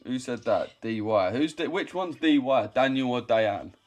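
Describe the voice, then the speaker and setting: A man's voice: mid-range voice, expressive, normal speed, faint music behind. A young man hosting a casual livestream call, blunt and mocking and swearing freely. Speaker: livestream host. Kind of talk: casual livestream banter with callers.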